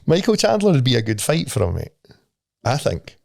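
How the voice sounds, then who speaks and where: A man's voice: mid-range voice, wildly swooping pitch, normal speed, vocal fry, dry recording, studio quality. A Scottish man co-hosting a podcast in casual chat, swearing freely and laughing at his own stories. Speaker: podcast co-host.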